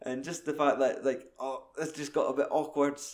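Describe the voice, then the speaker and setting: A young Scottish man chatting casually about a film, swearing a lot and acting out lines in quick put-on voices. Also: mid-range voice, little pitch movement.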